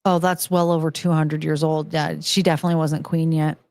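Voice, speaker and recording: A woman's voice: low-pitched, level tone, fairly quick, darkish tone, no echo. A woman streamer chatting casually and reading viewer messages aloud, rambling and laughing at herself often. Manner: rambling, giggly, self-mocking. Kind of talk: casual live-stream chat.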